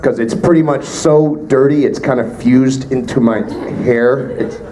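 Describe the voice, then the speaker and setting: A Canadian voice actor answering fan questions at a convention panel, joking with quick asides. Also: male voice, mid-range voice, fairly even intonation, low-quality recording. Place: convention panel room with audience. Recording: live room with crowd noise.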